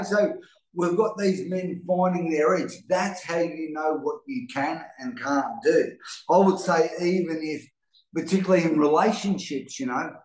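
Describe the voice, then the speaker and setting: A middle-aged man talks earnestly to other men in a live motivational session. His voice sits a little high and he rambles, repeating and restarting his words. The sound is roomy, with a clear echo around him. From Australia. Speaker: host.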